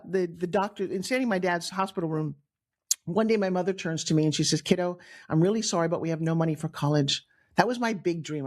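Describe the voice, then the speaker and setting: Middle-aged new york woman telling her life story on a podcast, lively, does little voices for people she quotes. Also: on the low side. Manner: animated, acts out quoted voices, frequent restarts. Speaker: guest storyteller.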